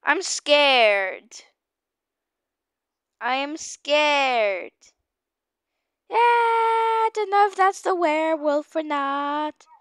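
A woman with a high, bright voice talks through a game with excitable, panicky commentary and keeps repeating her exclamations. Her delivery is very slow and drawn out, and the recording sounds dry and close. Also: no room sound. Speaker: gamer.

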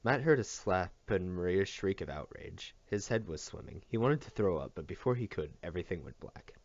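A man reading a novel aloud as scripted narration, in an expressive storytelling manner. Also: low voice, moderate pace. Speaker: audiobook reader. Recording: dull dry recording.

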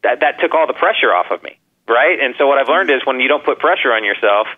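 Earnest male actor on a phone call, mid-pitched, stammers restarts, thin phone sound. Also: expressive, fast. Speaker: actor, guest calling in. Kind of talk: casual phone interview. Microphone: telephone. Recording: tinny phone line.

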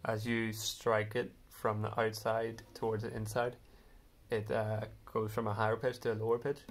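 A man's voice: fairly low pitch, monotone, moderate pace, faint music behind. A man hosting a casual vlog, explaining an instrument hesitantly with many fillers. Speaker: video host. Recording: faint background noise.

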